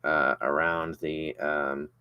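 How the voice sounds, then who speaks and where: A man's voice: very deep voice, fairly even intonation, takes it slowly, clean tone, dry recording, muffled recording. A young man chatting casually as he unboxes and tastes a whisky, rambling with lots of fillers and restarts. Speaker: vlogger reviewing whisky.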